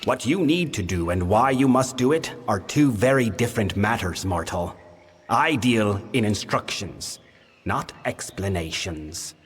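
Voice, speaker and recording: A man with a lowish, animated voice speaks unhurriedly as a weary, ancient winter fae king in a video game, sounding grave, formal and commanding. A little hiss or hum is audible, along with long reverb and game music.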